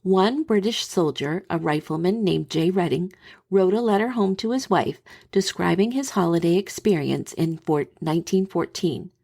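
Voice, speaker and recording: A woman podcast host reading a scripted historical narration in a measured, dramatic storytelling manner. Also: fairly low pitch, animated, vocal fry, mellow.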